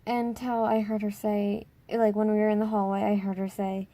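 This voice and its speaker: A teenage girl telling a school story in a casual storytime vlog, excitable and full of filler words, breaking into dramatic squeals. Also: mid-range voice, moderate pace. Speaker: storytime vlogger.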